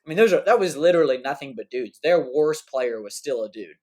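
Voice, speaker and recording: A man's voice: on the high side, animated, fast, darkish tone. A man hosting a podcast in casual chat, rambling and slangy, with many fillers and restarts. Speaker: podcast host.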